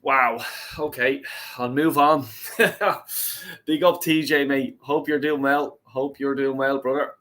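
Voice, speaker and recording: A man's voice: mid-range voice, little pitch movement, unhurried, fairly bright tone. Irish man, young, casual live-stream host, sweary chat. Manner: swears a lot, reads out chat messages. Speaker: host of a fan call-in show.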